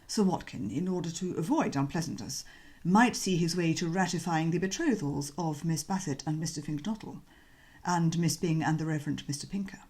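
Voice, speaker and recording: A woman voicing a deferential male valet, calm and formal, with a measured, soft delivery in an audiobook reading. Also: low-pitched, breathy edge, voice pushed down. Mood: unflappable.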